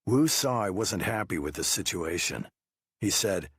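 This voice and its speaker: A man narrating an audiobook thriller in a measured, first-person storytelling manner with a husky voice. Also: sits low, animated, fairly bright tone, dry recording, clean studio sound.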